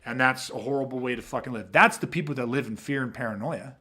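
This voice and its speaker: A man's voice: mid-range voice, fast talker, sharp tone. A man hosting a podcast, talking in a blunt, emphatic, profane way. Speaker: podcast host. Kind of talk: casual podcast talk.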